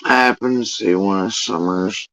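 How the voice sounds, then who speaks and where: A man's voice: on the low side, normal speed, fairly bright tone, dry recording, rough recording. A man in a casual livestream monologue, telling a story in a heated, profane, emphatic way. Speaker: livestream host.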